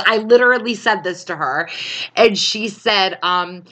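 A woman co-hosting a podcast, telling a story in a casual, animated way, full of swearing and acted-out quotes. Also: mid-range voice, unhurried. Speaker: podcast co-host.

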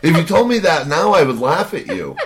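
Animated, swearing male podcast co-host. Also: on the high side, fairly quick, noisy background. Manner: animated storyteller, swears freely, teasing. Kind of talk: casual podcast chat.

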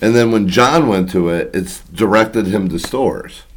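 A man's voice: on the low side, unhurried, crowd noise. A man casually telling a story to friends, acting out quotes and swearing freely.

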